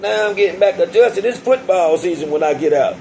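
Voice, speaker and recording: A man's voice: sits high, animated, fairly quick, dark tone, a little hiss or hum, poor audio. A young adult man telling a casual storytime vlog, slangy and profane, often addressing his listeners directly. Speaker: vlogger telling a prison story.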